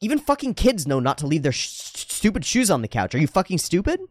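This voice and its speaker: A man voicing an exasperated woman partner who scolds bluntly and repeats herself, in a much higher pitch than his own, with a dry close sound. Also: sing-song, fast, a little mellow, no room sound. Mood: angry scolding. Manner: harsh, scornful, repeats herself.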